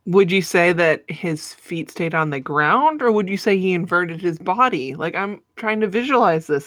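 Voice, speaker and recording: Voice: mid-range voice, expressive, moderate pace, few pauses, a bit bright, dry recording, clean studio sound. A podcast co-host in casual chat, asking nitpicky, teasing questions.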